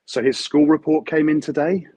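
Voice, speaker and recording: Husky-voiced man chatting on a call. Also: on the high side, steady tone, moderate pace, rough recording. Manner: warm, repetitive, many "yeah"s. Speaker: guest on video call. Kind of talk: casual chat.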